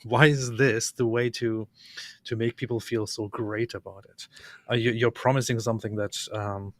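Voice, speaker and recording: A male co-host with a middle-pitched voice, recorded close and dry. He talks casually and restarts often, turning mocking when he quotes other people. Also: steady tone, normal speed, dry recording. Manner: hesitant, mocking when quoting. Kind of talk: casual commentary.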